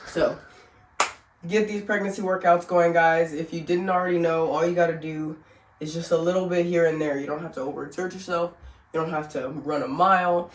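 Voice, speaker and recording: Her voice is fairly low and fairly even in intonation, moving a little fast, with a little hiss or hum in the echoey room. She's a family vlogger at home, sick and short of breath, showing simple workouts in a chatty, joking style and laughing at herself throughout this casual how-to vlog.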